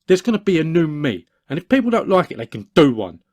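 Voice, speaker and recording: A man's voice: on the high side, sing-song, quick pace, darkish tone, no echo. A man voicing a stubborn young man who gets pushed around, defensive and blustering when questioned. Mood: determined. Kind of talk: cartoon voice acting.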